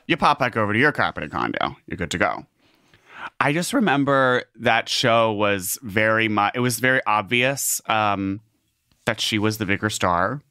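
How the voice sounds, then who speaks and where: A man co-hosts a comedy podcast with wry, deadpan banter. His voice is bright and forward, recorded dry and close to the mic. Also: lowish voice, moderate pace, clean tone, no echo. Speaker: podcast co-host. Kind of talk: casual comedic chat.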